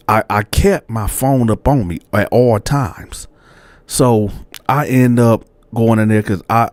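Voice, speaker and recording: Recorded dry, a man whose voice sits on the low side animatedly spins a casual story for his viewers. His speech is colloquial and slangy, and he addresses them as y'all.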